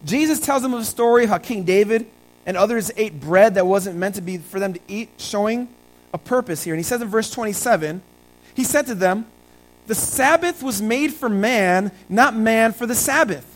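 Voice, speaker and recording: A man's voice: high voice, low-quality recording. A male pastor preaching a conversational sermon and telling stories to his congregation.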